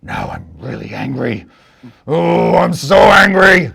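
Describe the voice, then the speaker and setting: A man voicing a grieving, angry male bugbear, wailing with high-pitched anguish. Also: sing-song, slow pace, creaky, breathy edge, full character voice.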